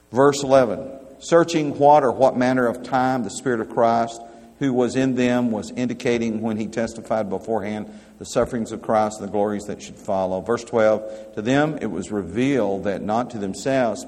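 A man's voice: on the low side, a little mellow. Man preaching in a reverberant hall. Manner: conversational Bible teaching, reading verses aloud and asking the audience. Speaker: pastor. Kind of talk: sermon.

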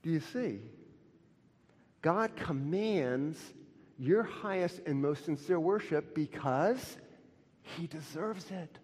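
A man's voice: a little high, expressive, slow pace, pauses often, a little mellow. A middle-aged man preaching a sermon with passion, building to emphatic peaks, in a church sanctuary. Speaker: pastor. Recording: long hall reverb.

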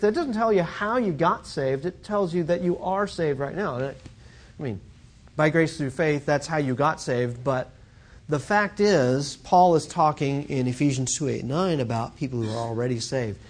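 A man who teaches Greek, preaching a sermon and explaining scripture in an animated teaching manner, acting out quoted voices. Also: fairly high pitch.

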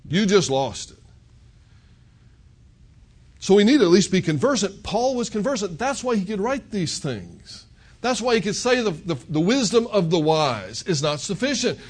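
Lively high-pitched preaching man. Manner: conversational, emphatic, with rhetorical questions. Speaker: pastor. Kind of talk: expository sermon.

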